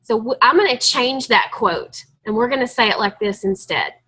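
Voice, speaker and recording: A woman's voice: a little high, animated, moderate pace, pushed and bright, slightly rough, low-quality recording. A woman leading a team call, giving an earnest, emotional motivational talk to her group. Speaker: team leader on a coaching call.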